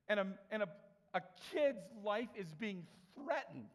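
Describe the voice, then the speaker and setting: High-pitched and slightly quick, a pastor preaches conversationally, bringing the figures in his stories to life with animated quoted voices, all echoing with the long reverb of a large hall.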